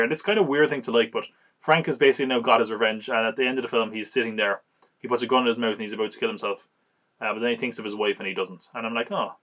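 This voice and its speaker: A man casually reviewing an action movie on a podcast, chatty and amused, recapping scenes and acting out quick quotes. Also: mid-range voice, fairly bright tone.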